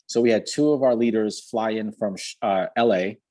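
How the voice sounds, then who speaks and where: A man giving an energetic motivational talk over a video call, driving his points home through repetition. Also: on the low side, moderate pace. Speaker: guest speaker.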